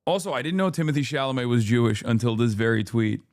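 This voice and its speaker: A man hosting a livestream, reacting to posts with sarcastic, deadpan commentary. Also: mid-range voice, fast, no room sound, studio quality. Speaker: streamer host.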